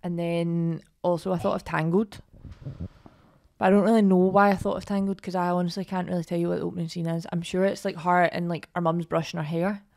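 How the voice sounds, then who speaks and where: A woman's voice: lowish voice, flat delivery, fairly quick, vocal fry, darkish tone. A young woman co-hosting a podcast, chatting casually and often trailing off with "I don't know". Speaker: podcast co-host. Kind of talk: casual chat.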